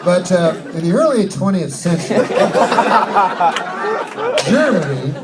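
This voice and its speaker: A man doing a rambling, deadpan, profane stand-up set before a live audience. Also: sits high, a little slow. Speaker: stand-up comedian. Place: large hall, live audience. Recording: distant live mic, loud crowd and noise.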